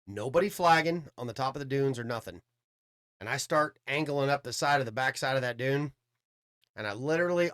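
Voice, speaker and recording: A man casually telling a long story, cursing freely and acting out what people said. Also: medium pitch. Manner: swearing, animated storytelling with quoted dialogue. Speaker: podcast guest storyteller.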